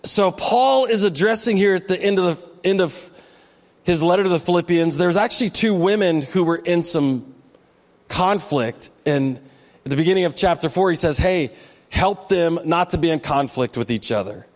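Joking pastor preaching in an echoing hall. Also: male voice, high voice, moderate pace. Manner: conversational, joking asides to the congregation. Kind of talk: sermon. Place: church sanctuary.

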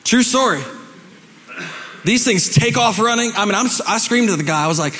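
A man preaching a sermon as pastor, telling stories dramatically and swinging between shouting and hushed, quiet lines. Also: high-pitched, lively intonation, moderate pace, pauses often, big-room sound, a little hiss or hum. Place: church sanctuary.

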